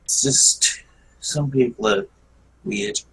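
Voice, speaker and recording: A man's voice: mid-range voice, slow pace, a crowd in the background, low-quality recording. A man, hosting a stream and rambling through a long story in casual chat. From Britain. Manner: rambling and animated, repeats words while telling a story. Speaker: stream host. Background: faint background music.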